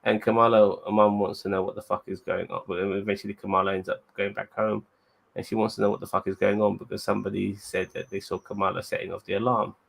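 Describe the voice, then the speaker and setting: Low gravelly guy rambling through an episode recap, swears a lot. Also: little pitch movement, fast talker. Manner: rambling, profane, laid-back. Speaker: podcast host.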